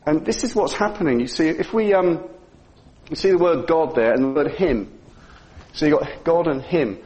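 A man's voice: a little high, normal speed, a little mellow, rough recording. A man giving a conversational Bible teaching, chatty and full of questions to his listeners. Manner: chatty, asks the listeners questions, chuckles at himself. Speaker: preacher.

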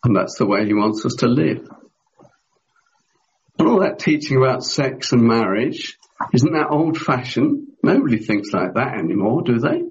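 A man preaching a sermon in a measured way, often asking his listeners rhetorical questions. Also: mid-range voice, sing-song, lo-fi sound.

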